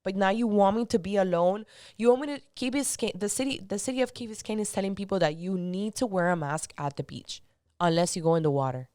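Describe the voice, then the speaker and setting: A woman's voice: mid-range voice, quick pace, warm tone, dry recording, studio quality. A woman talking as a podcast guest in casual conversation, blunt, profane and heated.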